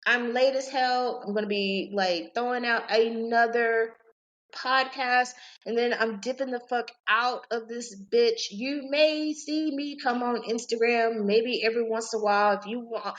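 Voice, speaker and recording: A woman's voice: a little high, steady tone, measured pace, muffled recording. Profane, rambling podcast woman in her 40s. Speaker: podcast host. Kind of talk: casual ranting podcast talk.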